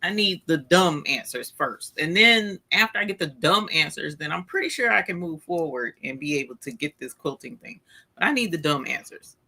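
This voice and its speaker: A man's voice: fairly high pitch, animated, moderate pace, creaky, bright, forceful tone, slightly rough. A man hosting a casual livestream, greeting viewers by name and talking with playful exasperation. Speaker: livestream host. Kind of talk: casual live-stream chat with viewers.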